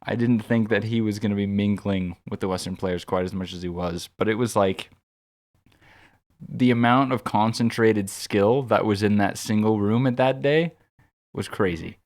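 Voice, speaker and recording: A man's voice: fairly low pitch, moderate pace, a little mellow. A man co-hosting a podcast, telling a long anecdote in a casual, rambling way full of "like" and restarts. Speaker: podcast co-host. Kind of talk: casual storytelling chat.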